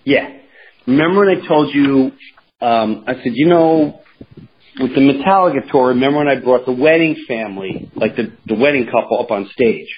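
A man hosting a podcast in casual chat, telling stories in an animated, rambling way with many restarts. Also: mid-range voice, moderate pace. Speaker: podcast host. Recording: dull lo-fi sound with faint noise.

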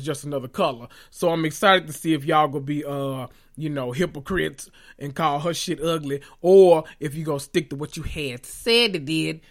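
A man gives a sassy, animated reality TV recap in casual chat. His voice sits slightly high for a man, and he swears freely.

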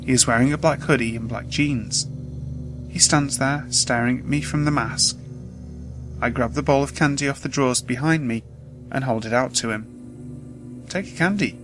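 This is a scripted first-person horror tale read by a man whose delivery stays steady and controlled. He has a mid-range voice, there's faint music underneath, and the sound is poor.

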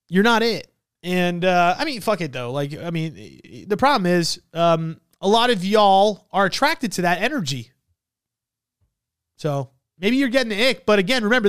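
A young man hosts a casual podcast, reacting to listener comments with emphatic, profane energy. His voice is fairly high for a man and swings widely in pitch. The sound is smooth and dry, close to the mic. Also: a bit bright, dry recording. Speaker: podcast host.

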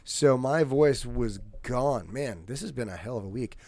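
A young man co-hosting a casual podcast, his voice hoarse and still recovering, rambling and joking as he talks. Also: medium pitch, animated, moderate pace, darkish tone, no room sound. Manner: jokey, rambling, self-interrupting. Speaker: podcast co-host.

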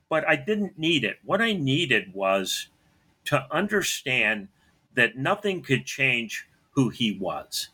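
A middle-aged man tells a personal story in a bright, forceful voice. He speaks bluntly and keeps clearing his throat between phrases. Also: mid-range voice, sing-song, slow.

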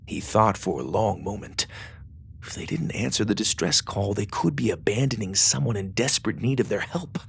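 A man narrating a children's space adventure audiobook in an expressive, animated way. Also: lowish voice, moderate pace, gravelly, slight background noise. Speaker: storyteller.

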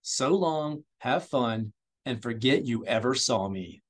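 A man's voice: medium pitch, expressive, takes it slowly. A man voicing a nervous, surly young male thief who growls his lines harshly and defensively.

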